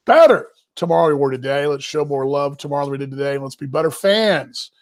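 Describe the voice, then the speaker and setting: Folksy guy chatting on a home stream, kinda high voice, lots of uhs. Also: lively intonation, fast talker. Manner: rambling, folksy, many fillers. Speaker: baseball show host. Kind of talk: casual live-stream chat. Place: family home.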